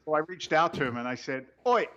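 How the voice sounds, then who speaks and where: A man's voice: fairly high pitch, quick pace, sharp tone. Joking man on a tinny mic. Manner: joking storyteller, British slang. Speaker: co-host. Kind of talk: casual chat.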